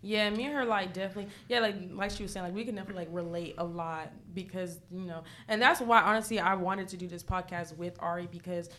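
A woman's voice: on the low side, steady tone, fast talker, few pauses, fairly bright tone, a little hiss or hum. A young woman co-hosting a podcast, talking in a casual, slangy way with lots of fillers and frequent laughter. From Caribbean family. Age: young adult. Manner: chatty, slangy, laughs often, many fillers. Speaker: podcast co-host. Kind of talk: casual chat.

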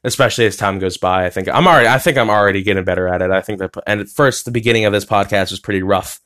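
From his bedroom, a young man from the United States hosts a rambling solo podcast, talking casually and quickly. His lowish voice has a fairly bright tone, and his speech is packed with fillers, restarts and swearing.

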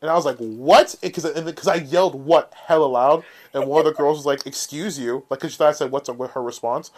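A man co-hosting a podcast, telling stories in a casual, animated way and swearing freely. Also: fairly high pitch, quick pace. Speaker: podcast co-host. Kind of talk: casual chat.

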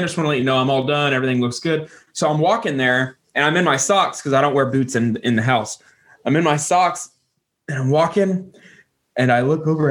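A young man co-hosting a podcast, telling a casual story and jumping into squeaky voices for animals. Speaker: podcast co-host.

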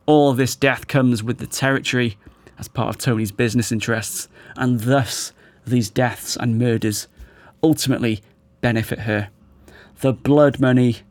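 A man hosting a podcast who is losing his voice, giving wry, animated analytical commentary. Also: medium pitch, dry recording. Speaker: podcast host.

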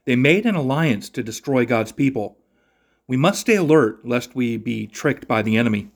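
A Bible passage is read aloud at a calm, measured pace by a male podcast host with a mid-range voice, who follows it with a brief reflection for devotion and a closing prayer.

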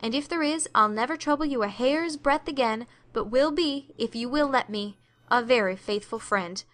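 A woman's voice: fairly high pitch, normal speed, a bit bright, close to an everyday voice. A woman voicing a sincere young Texan suitor who speaks in folksy slang, read within an audiobook. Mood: earnest. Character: earnest young Texan suitor, man, plainspoken. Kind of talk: audiobook character reading.

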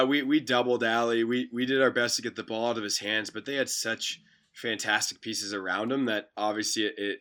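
Bright-voiced coach, chatty. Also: male voice, lowish voice. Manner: talkative, repeats words while storytelling. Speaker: university basketball head coach. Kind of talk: casual podcast interview.

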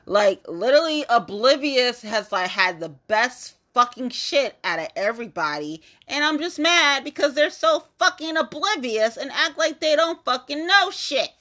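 A woman's voice: sits high, very animated, normal speed, hardly any pauses, bright, forceful tone. A woman hosting a podcast, ranting in a blunt, profane and exasperated way in a casual monologue. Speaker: podcast host.

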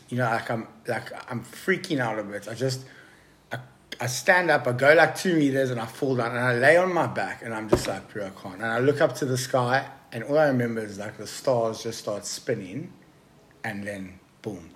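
Profane, excitable male storyteller. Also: mid-range voice, slight background noise. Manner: profane, excitable storyteller addressing the listener as bro. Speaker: podcast guest. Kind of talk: casual storytelling.

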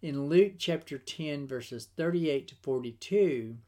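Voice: medium pitch, lively intonation, slow pace, dark tone. A Bible study teacher giving a scripted devotional lesson in an earnest, emphatic way, with a few restarts.

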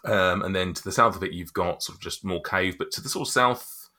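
A man's voice: sits low, a little fast, sharp tone. A man running a tabletop game as game master, describing scenes with many ums and restarts. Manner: rambling, hesitant descriptions full of ums.

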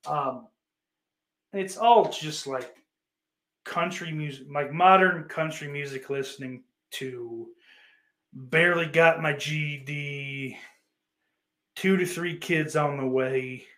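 A man's voice: fairly high pitch, takes it slowly, pauses often, reverberant. A man streaming and reading chat comments aloud, ranting crudely with sarcasm and mocking outbursts. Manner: sarcastic, profane, bursts into mocking yells. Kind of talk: casual crude rant.

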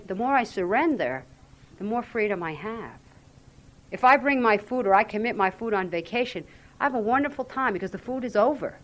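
A woman giving a frank, earnest personal share at a recovery fellowship weekend, talking candidly about her struggles. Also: medium pitch. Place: weekend retreat venue.

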